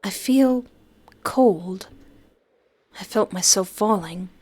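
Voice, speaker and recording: Animated woman reading a horror game aloud. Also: medium pitch, slow, noisy background. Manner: animated, jokey, dramatic outbursts. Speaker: gamer playing a horror visual novel. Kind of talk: let's play, reading aloud with reactions.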